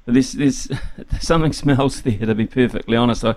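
A man hosting sports talkback radio, chatty and casual with many pauses. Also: mid-range voice, a little mellow, slight background noise.

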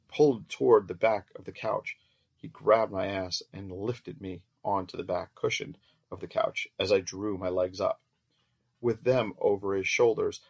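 A man reading a first-person story aloud as narrator in a steady, measured way. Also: sits low, gravelly, husky.

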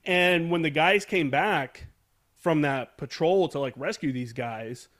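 A man's voice: a little high, a little slow, a bit bright. A man from the United States telling a war story as a podcast guest, rambling, swearing and backtracking as he recalls. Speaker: podcast guest, Marine veteran. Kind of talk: casual war storytelling interview.

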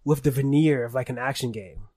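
A tipsy man rambling excitedly in a casual podcast chat and swearing often. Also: medium pitch, a little fast, no room sound. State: tipsy from drinking. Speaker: podcast co-host.

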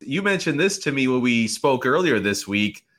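A man hosting a casual interview, curious and quick to laugh along. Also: mid-range voice, very animated, fairly bright tone. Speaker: interview host.

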